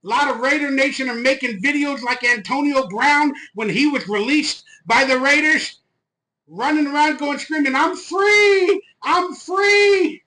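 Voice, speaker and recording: Man, fan show host, live stream rant, bright voice, profane, fired up, phone mic. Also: very high-pitched, normal speed, low-quality recording. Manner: loud, profane, fired-up ranting.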